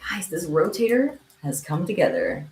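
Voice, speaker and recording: A chatty young woman, fairly low in pitch with big swings in her intonation, talks at a moderate pace in a darkish tone. She's streaming from home while making kandi bracelets and meows at her cat. Echo and faint ambience fill the room.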